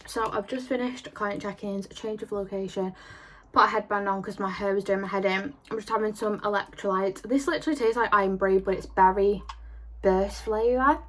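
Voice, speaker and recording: A woman's voice: mid-range voice, steady tone, fairly quick, background noise. A young woman, an online fitness coach, chatting casually to camera at home in a rambling way that repeats itself. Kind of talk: casual vlog chat.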